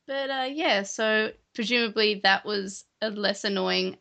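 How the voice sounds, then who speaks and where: A woman's voice: medium pitch, unhurried, creaky, sharp tone. A woman co-hosting a podcast in casual chat, playful and chatty, rambling with frequent restarts. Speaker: podcast co-host.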